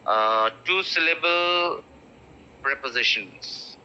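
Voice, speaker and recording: Bright Indian English teacher drilling words. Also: male voice, mid-range voice, lively intonation, slight background noise. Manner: repeats words slowly for drills, mixes in Hindi. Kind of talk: online class teaching. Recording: dull lo-fi online-class audio.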